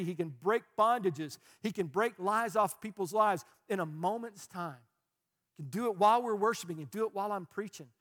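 A man, preaching a sermon as pastor, earnest and rising into fast, passionate bursts. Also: sits high.

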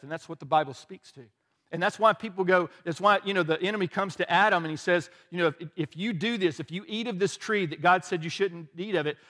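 A man's voice: high voice, fairly bright tone. A male pastor preaching a conversational sermon, candid and self-deprecating, with frequent restarts.

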